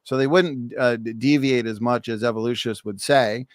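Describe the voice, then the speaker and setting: Smooth-voiced male host. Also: mid-range voice, fairly even intonation, moderate pace, no echo, clean studio sound. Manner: poses questions, relays viewer chat. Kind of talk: hosting a live seminar.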